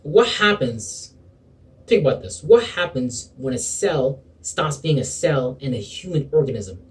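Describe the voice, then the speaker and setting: Animated preaching man, far from mic. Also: medium pitch, a little slow. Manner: preachy, addresses listener as bro and man; sarcastic. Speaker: motivational video preacher. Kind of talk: impassioned spiritual exhortation.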